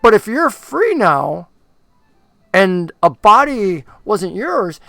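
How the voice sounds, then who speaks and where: A game master voicing a calm, concerned woman from a circus who explains magic softly. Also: mid-range voice, takes it slowly, creaky, no echo, studio quality, faint music behind, full character voice. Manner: soft and questioning.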